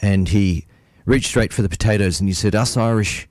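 A man presents a folk music hour on community radio, speaking in a lowish voice. He talks loosely, hesitating with uh and um and restarting phrases. The sound is dry and close, straight from a studio mic. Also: a little fast, darkish tone, no room sound. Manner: hesitant, many fillers and restarts. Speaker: radio host.

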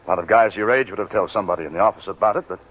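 An actor playing a scheming young office manager who talks smoothly but stammers when cornered, in 1940s radio acting. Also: male voice, fairly low pitch, very fast, close to an everyday voice. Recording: phone-like old radio recording.

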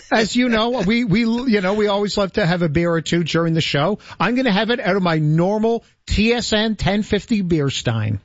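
A man's voice: sits high, expressive, moderate pace, dry recording. A man hosting a sports radio show in a playful, self-mocking chat, reading listener tweets aloud. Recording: dull lo-fi radio audio with faint music.

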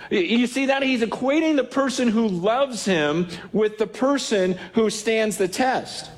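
A man preaching a sermon as a pastor, casual and animated, acting out quotes and restarting his sentences often. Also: extremely high pitch, a little slow. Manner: conversational, animated, with many restarts and acted-out quotes.

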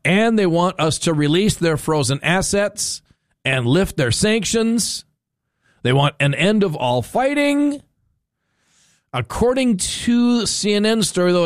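A man with a somewhat high voice delivers an opinionated talk radio monologue. He sounds exasperated and incredulous, often restarting his sentences as he argues. The sound is dry, with no room echo.

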